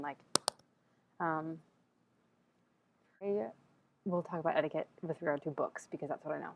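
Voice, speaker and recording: A woman's voice: medium pitch, a little mellow, poor audio. A young woman vlogging in a casual, rambling way, chatty and exasperated, acting out quoted exchanges. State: sleepy at first, speaking quietly in public. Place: empty library vestibule, indoors.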